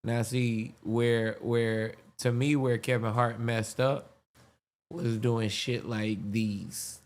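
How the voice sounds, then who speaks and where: A man's voice: mid-range voice, takes it slowly. A man hosting a live podcast stream, chatting casually about comedy clips. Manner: relaxed, chatty reactions. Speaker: podcast host.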